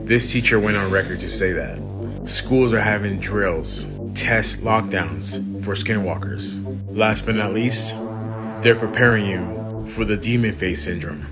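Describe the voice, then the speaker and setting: A man's voice: fairly low pitch, unhurried. A man talking in an urgent, conspiratorial way. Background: music.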